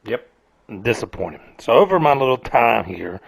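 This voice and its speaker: Rambling profane man with a gravelly voice. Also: medium pitch, big pitch swings, moderate pace, no echo. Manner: rambling, profane, self-mocking. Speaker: podcast host. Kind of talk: casual rant.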